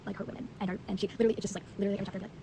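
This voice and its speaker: A woman's voice: medium pitch, little pitch movement, very fast, background noise. A teenage girl chatting casually about books she has read, rambling with lots of fillers and blunt opinions. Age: teens. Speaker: vlogger. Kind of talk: casual book review chat.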